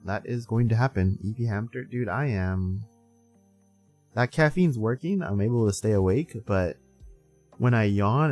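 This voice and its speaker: A man's voice: fairly low pitch, normal speed, a little mellow, faint music behind. A man in his twenties hosting a live stream, chatting casually, sleepy and rambling with frequent laughs. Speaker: streamer host.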